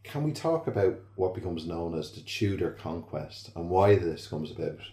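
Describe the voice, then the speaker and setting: A man hosting an interview, asking measured questions that frame the topic. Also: deep voice, big pitch swings, mellow, echoey room. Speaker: podcast host.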